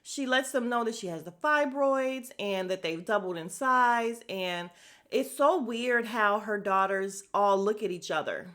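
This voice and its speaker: Animated, salty woman podcaster. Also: medium pitch, measured pace. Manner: animated, profane, laughs often, mimics people. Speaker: podcast host. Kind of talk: casual reality TV recap. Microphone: podcast microphone.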